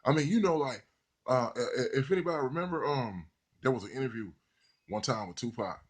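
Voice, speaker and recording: A man giving a casual, rambling, profane monologue, voice jumping high when he mimics other people. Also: brisk. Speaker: podcaster.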